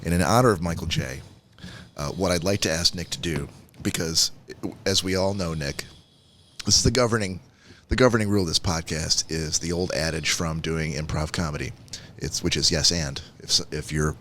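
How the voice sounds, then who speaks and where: A man's voice: sits low, a bit bright, slight background noise. A man co-hosting a casual podcast, setting up bits in a wordy, mock-formal way. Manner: wordy mock-formal setups, laughs easily. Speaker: podcast co-host. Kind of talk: casual chat.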